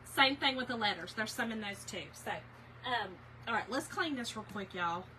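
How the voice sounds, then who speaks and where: A woman's voice: on the high side, animated, moderate pace, noisy background. A woman chatting with viewers by name while she demonstrates a craft project on a livestream, with many fillers. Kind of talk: casual livestream craft tutorial.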